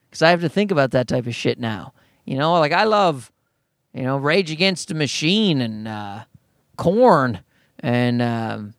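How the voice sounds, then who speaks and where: A high-voiced middle-aged man rambles through a solo podcast, swearing freely and poking fun at himself. His pitch swings widely from line to line, and the sound is dry and close to the mic. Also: fairly bright tone, no echo. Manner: profane, rambling, self-mocking. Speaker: podcast host. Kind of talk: casual solo podcast monologue.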